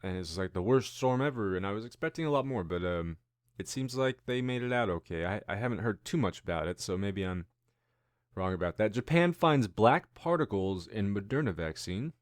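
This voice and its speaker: A man's voice: fairly low pitch, a little fast, clean tone, no echo, studio quality. A man in his thirties hosting a casual news-commentary show, rambling and musing with self-deprecating asides. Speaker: host.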